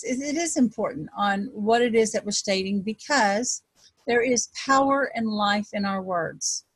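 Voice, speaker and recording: A woman with a Texas accent, a self-described fast talker, teaching an online group in a chatty way with many ums. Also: a little high, no echo. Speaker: wealth coach leading an online group. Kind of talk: casual webinar teaching.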